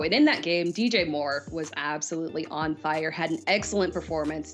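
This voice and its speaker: A woman's voice: sits low, a bit bright. A woman giving confident fantasy football advice in a conversational way. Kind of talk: conversational sports analysis.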